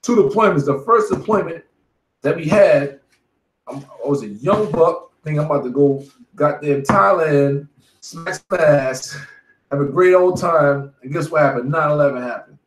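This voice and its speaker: Leading a bible study as a street teacher, a roughly forty-year-old man with a slightly high voice speaks at normal speed in an echoey room. He preaches casually and shares war stories, emphatic and swearing, saying "man" after almost every phrase.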